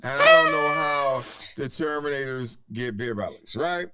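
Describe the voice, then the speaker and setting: A man's voice: mid-range voice, expressive, normal speed, pushed and bright, smooth, no echo, clean studio sound. A man co-hosting a talk show, chatting casually and teasing his guest, often laughing as he talks. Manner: teasing, laughs while talking. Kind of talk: casual chat.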